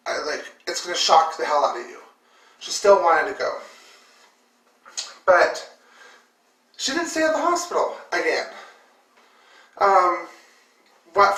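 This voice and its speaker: Woman, vlogger, emotional storyteller, lots of fillers, bright tone, roomy echo, distant mic. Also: deep voice. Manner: emotional, full of fillers and repeated words. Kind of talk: personal storytelling.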